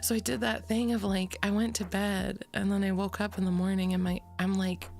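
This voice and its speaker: Sleepy, gravelly woman streamer. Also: medium pitch, little pitch movement, fairly quick, darkish tone. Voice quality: sleepy morning voice. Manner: giggly, rambling, swears freely. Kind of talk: casual live-stream chat.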